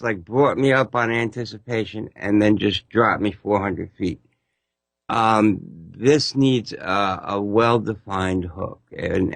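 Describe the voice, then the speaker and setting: Older man with a low gravelly voice. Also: dry recording. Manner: blunt, joking, rambling restarts. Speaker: panelist. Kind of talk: casual panel critique.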